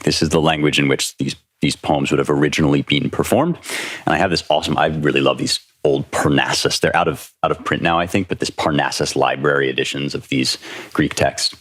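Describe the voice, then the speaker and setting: A man with an extremely deep voice lectures as a podcast host, eager and conversational, often restarting phrases. His voice is recorded very dry, with no room sound at all. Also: fairly bright tone, no room sound. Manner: eager, tag questions like "right?". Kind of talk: lecture-style explanation.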